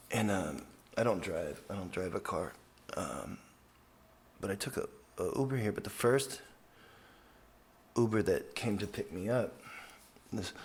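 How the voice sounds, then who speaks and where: An unhurried man hosts a radio show and tells a long story, drifting from one thought to the next with plenty of ums. His voice sits a little low and has a gravelly, creaky texture. He takes his time over every sentence. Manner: meandering anecdotal storytelling with many fillers. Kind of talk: casual rambling monologue.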